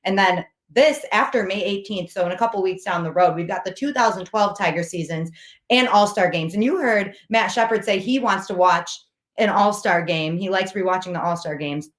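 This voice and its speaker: A woman's voice: medium pitch, normal speed. A woman hosting a casual sports talk show, upbeat as she wraps up with promotions. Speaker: host.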